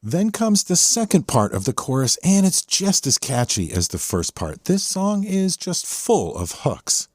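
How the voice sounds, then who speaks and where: Lively man talking over music. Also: a little high, a little slow, hardly any pauses. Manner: enthusiastic, explanatory. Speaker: podcast host. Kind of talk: song breakdown commentary. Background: the song playing underneath.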